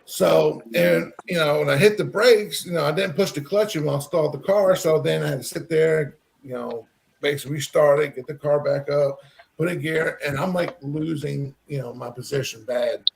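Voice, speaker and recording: Man from Texas, slightly high, gravelly voice, rambling story with lots of fillers. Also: moderate pace. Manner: rambling, animated, many fillers. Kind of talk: casual storytelling.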